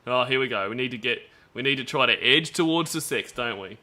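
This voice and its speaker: A man's voice: medium pitch, lively intonation, brisk, bright, forceful tone. A man giving blunt, profane commentary on a stream, reading out and reacting to chat logs. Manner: blunt, swearing, disgusted.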